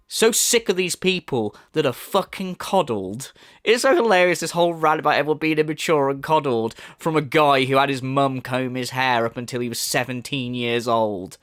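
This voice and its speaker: A man's voice: fairly high pitch, a little fast, fairly bright tone, no room sound, clean studio sound. A man delivering a profane, mocking rant as a commentary YouTuber. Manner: profane, mocking, laughs scornfully.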